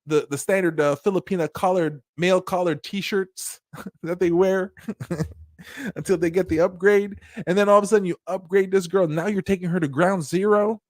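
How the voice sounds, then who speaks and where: Animated, high-voiced man commenting. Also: moderate pace, no echo, studio quality. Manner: animated, profane and laughing. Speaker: commentary channel host. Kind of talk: casual commentary.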